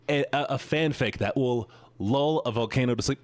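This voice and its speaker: A man's voice: medium pitch, moderate pace, few pauses, no echo. A man streaming and chatting casually with his viewers, rambling and joking as he gets sidetracked.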